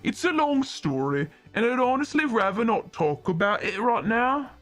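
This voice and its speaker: A woman voicing a calm, guarded man at a bar, reading game dialogue in a measured, patient way. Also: fairly high pitch, faint music behind. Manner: measured, explaining himself patiently.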